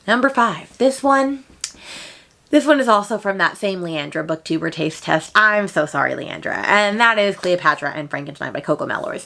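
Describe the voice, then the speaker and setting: A young woman vlogging a casual, animated rant about books she disliked, sounding exasperated. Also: fairly low pitch. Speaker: book vlogger. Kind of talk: casual ranting book review.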